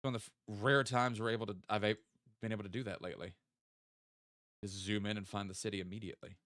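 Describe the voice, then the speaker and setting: A man's voice: fairly low pitch, fairly even intonation, fast, a bit bright, dry recording, clean studio sound. A young man, chatting casually with viewers while playing a geography game and thinking aloud. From American South. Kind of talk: casual live-stream chat.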